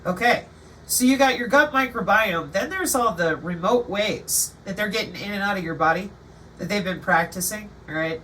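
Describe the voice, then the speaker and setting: A woman hosting her channel in an animated, sarcastic livestream monologue. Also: mid-range voice, moderate pace, distant mic, slight background noise, low-quality recording. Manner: animated, sarcastic, acts out quotes. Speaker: channel host.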